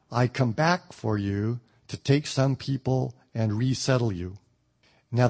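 A man teaching the Bible verse by verse, reading a passage aloud and then explaining it in plain words, with the odd pause and restart. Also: medium pitch, a little mellow. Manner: thoughtful, with occasional ums and restarts.

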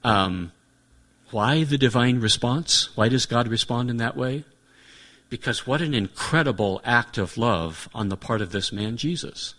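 A man's voice: medium pitch, lively intonation, unhurried, fairly bright tone. A man preaching a sermon in an earnest, reflective way, often restating his points.

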